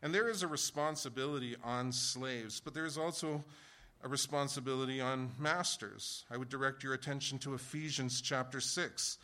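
A man's voice: medium pitch, moderate pace. A man preaching a sermon, reading scripture and asking the congregation a run of rhetorical questions in a conversational way. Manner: conversational, rhetorical questions, rising to shouts in an acted story. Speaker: pastor.

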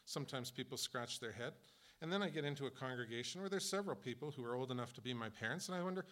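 A man's voice: medium pitch, lively intonation, a little fast, sharp tone. A man in his fifties preaching a sermon as a church pastor, flippant and a little sarcastic, talking off the cuff. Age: 50s.

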